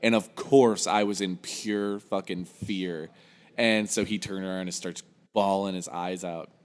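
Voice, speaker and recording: A man's voice: low voice, fairly even intonation, unhurried, big-room sound. A young man chatting casually on a podcast, telling stories with plenty of swearing and laughter. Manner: profane, laughing storyteller. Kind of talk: casual chat.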